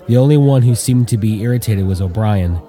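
A man narrating an audiobook in an even, measured way. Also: fairly low pitch, some chatter behind.

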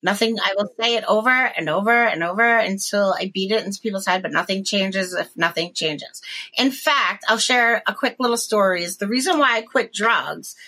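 A woman in her forties co-hosts a casual chat show, her voice bright and pushing forward. She speaks candidly and swears freely, trailing off and restarting as she recounts her own experiences. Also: medium pitch, rough recording. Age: 40s. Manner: candid, profane, rambling with restarts. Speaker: podcast co-host. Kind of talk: casual chat, personal storytelling.

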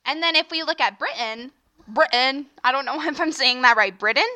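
A woman's voice: high-pitched, fast, pushed and bright. A young woman hosting a solo podcast, giving earnest, opinionated commentary and often stopping to restart or correct herself. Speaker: podcast host.

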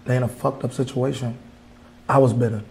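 A man's voice: medium pitch, steady tone, a little fast, gravelly, a little mellow, reverberant, poor audio. A male artist from Wisconsin talking in a casual interview in an art gallery, blunt and heated, swearing freely. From Wisconsin, USA. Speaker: artist guest.

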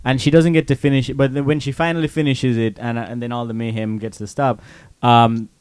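A man co-hosting a casual movie podcast from a basement, retelling film scenes with animated excitement. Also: mid-range voice, a little fast, clean tone, dry recording. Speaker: podcast co-host.

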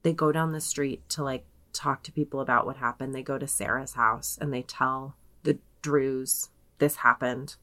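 Low-voiced woman telling a story. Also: fairly even intonation, normal speed, hardly any pauses, sharp tone. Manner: retells events with many likes, quoting people in her own voice. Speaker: podcast co-host. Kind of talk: casual storytelling chat.

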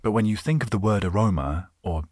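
A man's voice: on the low side, lively intonation, fairly quick, a little mellow, breathy edge, no echo, clean studio sound. A man hosting a solo podcast, rambling through self-mocking jokes and asides. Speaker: podcast host.

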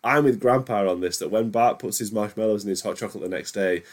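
A man's voice: fairly low pitch, fast talker. A man hosting a podcast in casual chat, rambling with many restarts and fillers. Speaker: podcast host.

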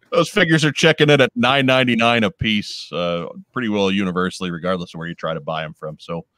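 A man's voice: fairly low pitch, a little fast, fairly bright tone, no echo. A man hosting a casual chat show, running through news items in a laid-back, wry way. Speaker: podcast host.

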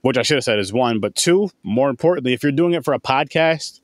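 A man hosting a casual movie podcast, talking in an animated, rambling way and swearing freely. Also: medium pitch, fast, no echo, clean studio sound. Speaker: podcast host. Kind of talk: casual chat.

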